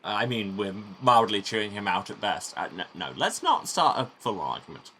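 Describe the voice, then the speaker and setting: Wry, bright-voiced male game streamer. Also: fairly low pitch, big pitch swings, moderate pace, a little hiss or hum. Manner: wry, sarcastic asides. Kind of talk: let's-play commentary.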